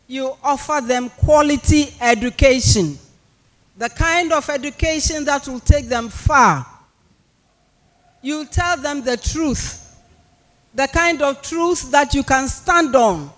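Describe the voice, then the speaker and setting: A man with a Ghanaian accent giving a public speech and reading a prepared address at a university policy lecture, with emphatic, repeated phrasing. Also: very high voice. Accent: Ghanaian English. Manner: emphatic, repetitive oratorical phrasing.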